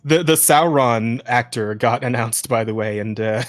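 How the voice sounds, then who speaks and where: Guy hosting a podcast, mid pitch, rambly and sweary, lots of uhs and laughs. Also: normal speed, no room sound. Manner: rambling, swears, laughs often, many fillers. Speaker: podcast host. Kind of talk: casual podcast chat.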